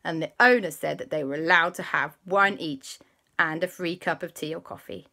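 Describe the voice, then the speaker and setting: A woman improvising a playful children's story as host, jumping into little voices for each character. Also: moderate pace. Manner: animated, voices characters with big pitch jumps. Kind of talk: improvised bedtime-style storytelling.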